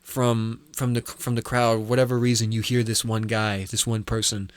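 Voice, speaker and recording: A man's voice: medium pitch, flat delivery, moderate pace, smooth, no echo, clean studio sound. A man narrating as game master, rambling with restarts and acting out sound effects.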